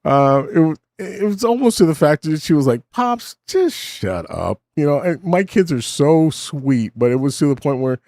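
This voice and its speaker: A man's voice: fairly high pitch, expressive, fairly quick, hardly any pauses, dark tone, no echo, clean studio sound. A middle-aged man hosting a casual late-night monologue at his desk, rambling and self-mocking. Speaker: host. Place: home desk.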